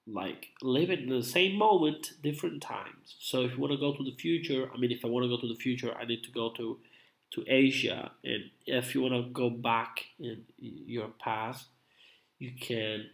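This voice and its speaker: Slow, rambling man with a cold. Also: medium pitch, vocal fry. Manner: rambling and hesitant, many fillers and restarts. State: has a cold, coughing. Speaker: live-stream host. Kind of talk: casual live-stream chat. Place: home room at night. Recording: roomy echo.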